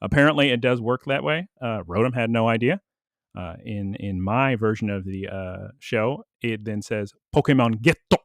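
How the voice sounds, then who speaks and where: A man's voice: on the low side, normal speed, no room sound, clean studio sound. A man co-hosting a podcast, recapping an episode in casual chat and slipping into little character voices. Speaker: podcast co-host.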